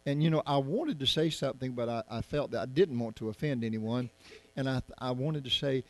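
A man's voice: medium pitch, brisk. A male pastor preaching verse by verse, in a conversational style and often putting rhetorical questions to his listeners. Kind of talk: Bible-study sermon.

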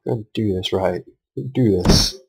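A man's voice: on the low side, quick pace, creaky, noisy background. A young man giving casual commentary on his own strategy game match, swearing often and venting at his opponent.

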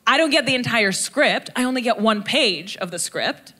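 Bright-voiced woman doing stand-up. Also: on the high side, normal speed. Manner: animated, crude, self-mocking storytelling. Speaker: stand-up comedian. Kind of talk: stand-up comedy storytelling. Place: comedy stage before a live audience.

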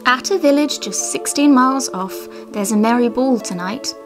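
A woman, co-host of a craft and history show, reciting an old poem in a measured way and then narrating its history. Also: on the high side, music in the background.

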